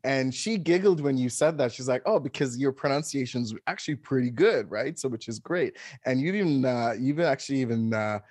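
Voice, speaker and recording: Male podcast co-host, talkative storyteller, medium pitch, dry close recording. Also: a little fast, few pauses, no echo. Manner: chatty, animated storyteller who laughs often. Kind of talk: casual chat.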